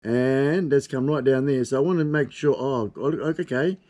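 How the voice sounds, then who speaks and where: A man's voice: mid-range voice, moderate pace, a little mellow. An Australian man in his fifties chats his way through a live stream from his desk at home. His talk is loose and rambling, full of casual swearing and easy asides to his viewers. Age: 50s. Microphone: camera on desk.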